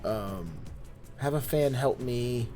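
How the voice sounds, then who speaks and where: A chatty man playing a tabletop game, often laughing. He speaks slowly, in a mid-range voice over faint music. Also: mid-range voice, dark tone. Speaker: player.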